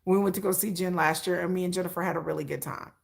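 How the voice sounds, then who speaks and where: A woman hosting a casual livestream, telling a long story in an animated, chatty way, rambling with restarts and acting out little asides. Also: on the low side, fast talker, vocal fry. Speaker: livestream host.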